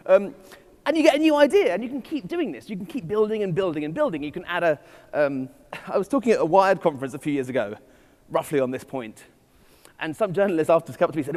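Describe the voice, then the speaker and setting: A man's voice: high-pitched, very animated, a little fast, long pauses, a little mellow. A man giving a witty, digressive keynote talk at a conference. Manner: witty, digressive, self-deprecating. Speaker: conference speaker. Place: conference hall. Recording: hall reverb from stage.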